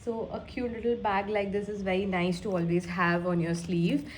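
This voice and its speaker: A woman's voice: medium pitch, steady tone, normal speed, a little hiss or hum. A young woman with an Indian accent, congested from a cold, chatting casually in a vlog and slipping into Hindi phrases. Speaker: vlogger.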